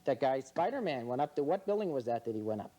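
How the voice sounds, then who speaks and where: A man's voice: mid-range voice, big pitch swings, fast, dark tone. A man hosting a comedy quiz game in front of an audience, teasing the contestants with wry, mock-serious remarks. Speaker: game show host. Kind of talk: joking quiz-show hosting.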